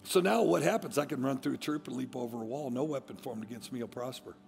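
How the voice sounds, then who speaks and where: A middle-aged man, a pastor, preaching a fiery sermon that swings from hushed tones to shouting. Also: mid-range voice, fast, creaky. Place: large church sanctuary. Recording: long church-hall reverb, faint music.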